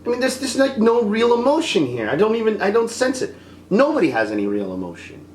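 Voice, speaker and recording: A film reviewer ranting in an exasperated, animated way, acting out scenes as they go. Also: mid-range voice, a little fast, roomy sound, slight background noise.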